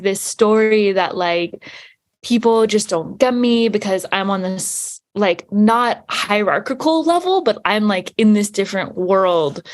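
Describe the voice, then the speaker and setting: A woman hosting a podcast, chatting casually and candidly with her guest, swearing freely. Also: medium pitch. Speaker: podcast host. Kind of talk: casual conversational interview.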